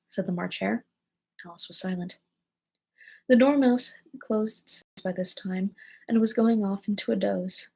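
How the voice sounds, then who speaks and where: Woman reading a storybook aloud, gravelly husky voice, casual. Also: mid-range voice, steady tone, moderate pace, warm tone, low-quality recording. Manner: casual reading, slips and corrects lines. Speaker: reader.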